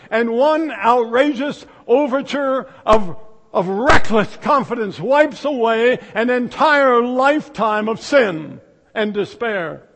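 A male pastor preaching a sermon and telling a story, dropping to hushed asides and rising to loud emphasis. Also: very high voice, expressive, slow, in a large hall.

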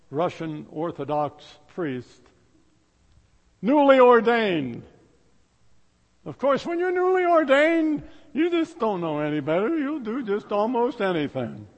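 A male pastor preaching a sermon and telling a story, dropping to hushed asides and rising to loud emphasis. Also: high voice, long reverb tail.

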